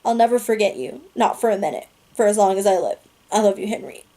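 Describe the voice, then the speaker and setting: A woman voicing a grieving teenage boy hero who speaks in a hushed, heartfelt way. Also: medium pitch, lively intonation, quick pace, natural voice.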